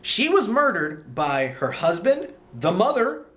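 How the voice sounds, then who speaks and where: A man giving a casual movie recap with a high, lively voice that swings all over the place. He sounds bright and sharp, breaking into sarcastic asides. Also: unhurried. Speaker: film reviewer.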